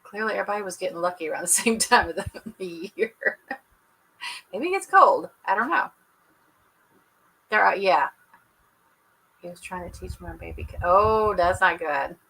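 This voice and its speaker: A woman's voice: mid-range voice, moderate pace, creaky, long pauses, pushed and bright, slightly rough, poor audio. A woman chatting casually with viewers on a home livestream, laughing often and saying "y'all". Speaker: livestream host. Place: at home indoors. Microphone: computer webcam mic.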